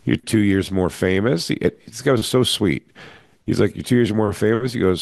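A middle-aged man with a low voice tells a rambling comedy anecdote, slipping into the voices of the people he quotes. His speech is crude and casual, recorded dry and close. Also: fairly quick, vocal fry, a little mellow, no room sound. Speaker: comedian and podcast co-host. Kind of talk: casual storytelling chat.

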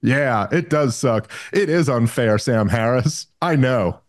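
A man's voice: mid-range voice, animated, takes it slowly, dry recording, studio quality. A man, a comedian hosting a podcast, talking in a wry, blunt way and swearing casually. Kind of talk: casual chat.

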